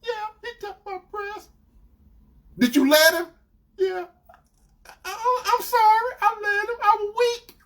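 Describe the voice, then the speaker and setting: A man voicing a young college woman who tearfully and hesitantly confesses, in a high falsetto. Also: steady tone, unhurried, creaky, a bit bright, full character voice. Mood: tearful confession.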